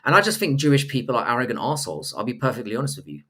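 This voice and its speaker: A man's voice: medium pitch, very animated, very fast, sharp tone, breathy edge. Man bantering crudely with his stream chat. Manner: reads viewer messages aloud, then answers. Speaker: livestream host reading chat. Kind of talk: casual live-stream chat.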